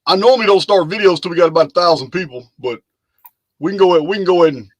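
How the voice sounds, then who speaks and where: Rapid-fire and high-pitched, a Texas live stream host chats casually in a loose, rambling way, repeating himself often. There's no echo.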